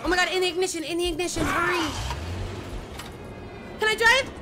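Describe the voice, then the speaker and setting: Loud, swearing young woman streamer. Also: very high voice, fairly quick, heavy background noise. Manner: loud, swearing, yelps and screams. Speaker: game streamer. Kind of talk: live gameplay commentary. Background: game music.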